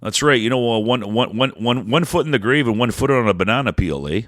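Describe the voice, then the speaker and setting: A Canadian man co-hosting a podcast, rambling and blunt, cursing freely and swinging between loud bursts and muttered asides. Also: medium pitch, lively intonation, quick pace, no echo. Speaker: podcast co-host. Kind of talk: casual ranting chat.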